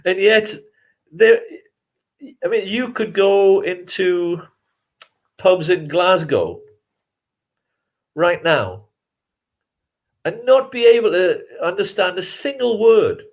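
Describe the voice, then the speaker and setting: A man's voice: sits high, sing-song, slow pace, pauses often. A man, a filmmaker guest giving long reflective interview answers with frequent restarts and chuckles. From England. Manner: reflective, rambling, chuckles often, many restarts.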